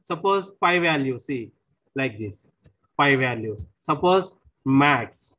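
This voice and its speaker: A man's voice: medium pitch, expressive, slow pace, sharp tone, low-quality recording. A man with an Indian English accent giving a recorded lecture on programming, explaining step by step, often repeating himself and saying "see".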